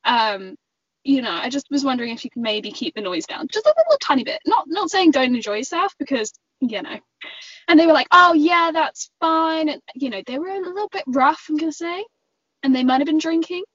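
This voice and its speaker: A young woman, chatting on a podcast and acting out an animated story with lots of giggles. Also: high voice, fairly quick, no echo. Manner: animated, giggly, acts out quoted voices. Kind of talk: casual storytelling chat. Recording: slightly muffled, dry sound.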